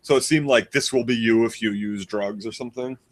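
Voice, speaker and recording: A man's voice: medium pitch, brisk. A man co-hosting a casual recap chat who jokes and swears freely. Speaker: podcast co-host.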